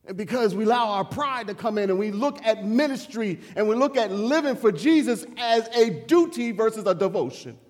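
A man preaching a sermon in a church, animated and humorous, chuckling through personal stories. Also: sits high, normal speed, few pauses, big-room sound.

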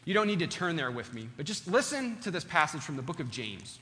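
A male pastor preaching a sermon, earnest and deliberate, slowing down to stress key words, in a church sanctuary. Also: fairly high pitch, sing-song, sharp tone. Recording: long hall reverb.

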